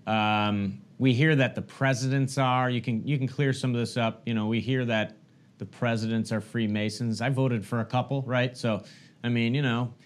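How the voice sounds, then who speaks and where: A man's voice: medium pitch, steady tone, moderate pace. A man hosting an interview, asking casual, probing questions. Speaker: interview host.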